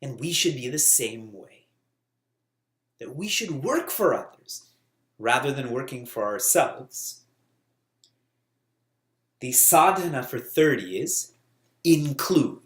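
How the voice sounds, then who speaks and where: A man giving a spiritual talk as a teacher, lively and often laughing as he tells stories. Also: medium pitch, takes it slowly, pauses often, roomy sound.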